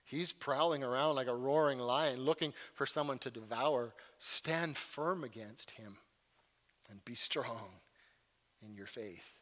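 A man's voice: medium pitch, unhurried, fairly bright tone, big-room sound. A man preaching a sermon in an earnest way, often repeating words and telling stories with animation.

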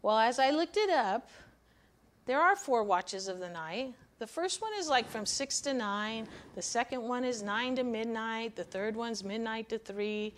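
A woman's voice: a little high, lively intonation, a little slow, slight background noise. A woman giving a weekly devotional sermon, teaching from the Bible in an earnest, emphatic way. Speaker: devotional speaker.

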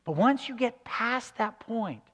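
A man with a high voice preaches a sermon in a loose, conversational way, acting out little quoted reactions as he goes. His voice rings with the long reverb of a large church hall. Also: animated, a little slow. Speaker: pastor.

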